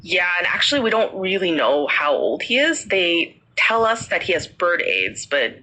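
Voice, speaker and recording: A woman voicing a young man who calmly explains his family's parrot, matter-of-fact and casual in a spoken ghost story. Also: lowish voice, normal speed, heavily acted, low-quality recording.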